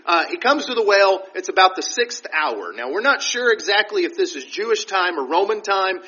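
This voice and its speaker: Guy teaching bible verse by verse, bright highish voice, kinda far off and muffled. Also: very animated, moderate pace. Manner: reads scripture aloud, then explains it conversationally. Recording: dull, roomy recording from a distance.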